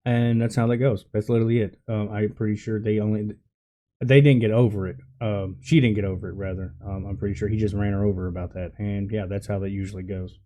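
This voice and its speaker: Low mellow-voiced guy reacting to a clip, blunt, kinda scornful, swears a lot. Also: steady tone, fast talker. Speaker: reaction commentator. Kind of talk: casual commentary reacting to a clip.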